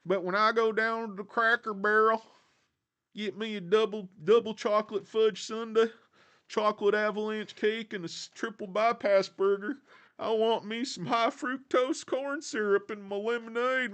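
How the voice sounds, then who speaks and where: A man putting on a loud, gluttonous, junk-food-loving American man who shrieks and rants. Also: fairly even intonation, moderate pace, smooth. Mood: shrill ranting. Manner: shrill, ranting, shouting.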